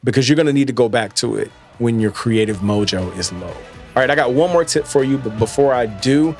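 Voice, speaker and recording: A man's voice: medium pitch, fairly quick, darkish tone, faint music behind. A man hosting a casual motivational podcast, talking loosely with lots of fillers and slang. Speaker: podcast host.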